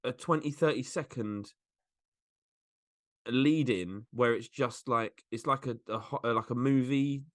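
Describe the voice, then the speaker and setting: A man's voice: mid-range voice, a little slow, dry recording. Chuckling man on a podcast, dry sound. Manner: laughs often while recounting. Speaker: podcast co-host. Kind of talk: casual chat.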